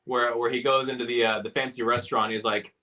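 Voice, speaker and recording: A man's voice: mid-range voice, flat delivery, fast talker, sharp tone. A man co-hosting a casual fan review chat, jokey and stammering. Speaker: podcast co-host.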